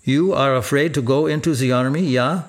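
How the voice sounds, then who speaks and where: A man voicing an elderly, friendly army psychiatrist who talks in a calm, measured way. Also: medium pitch, natural voice.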